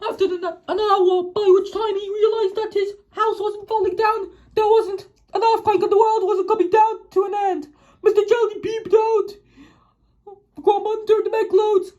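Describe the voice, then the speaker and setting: An AI-generated voice narrating a children's storybook, halting often and restarting words. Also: extremely high pitch, level tone, darkish tone. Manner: halting, with many restarts and stumbles. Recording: dull lo-fi AI voice audio.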